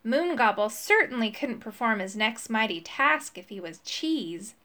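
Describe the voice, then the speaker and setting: Animated woman reading a storybook. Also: on the high side, moderate pace. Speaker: audiobook narrator. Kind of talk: children's storybook narration.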